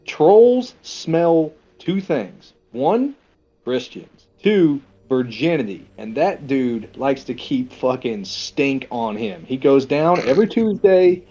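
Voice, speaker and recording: A man co-hosting a casual movie review podcast, retelling scenes in a crude, jokey, animated way. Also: mid-range voice, takes it slowly, dull audio. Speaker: podcast co-host.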